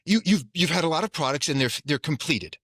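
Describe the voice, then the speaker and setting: A man's voice: a little high, lively intonation, fast, a bit bright, husky, dry recording, clean studio sound. A man hosting a podcast, talking in a casual, rambling conversational way. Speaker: podcast host. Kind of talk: casual interview chat.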